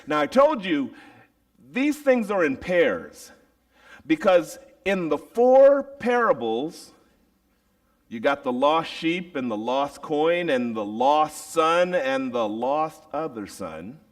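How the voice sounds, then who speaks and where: Animated slow-paced preacher man. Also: fairly high pitch. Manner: animated storytelling with dramatic pauses. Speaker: teacher. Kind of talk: storytelling sermon.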